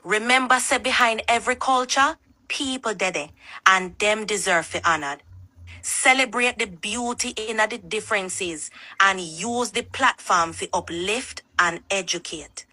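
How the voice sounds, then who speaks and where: Jamaican woman interviewee, bright tense tone, dry recording, earnest advice. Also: medium pitch, a little slow, no room sound. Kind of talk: interview answers.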